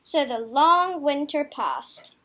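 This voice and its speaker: A woman reading a children's picture book aloud in a slow, expressive way. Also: high voice. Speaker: storybook reader.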